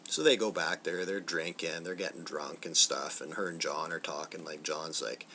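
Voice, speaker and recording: A man's voice: extremely low pitch, fairly even intonation, normal speed, pushed and bright, a little hiss or hum. A man hosting a casual spoken film review, loose and profane, acting out bits of movie dialogue as he goes. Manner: loose and profane, acts out film lines in snippets. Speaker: movie reviewer, channel host.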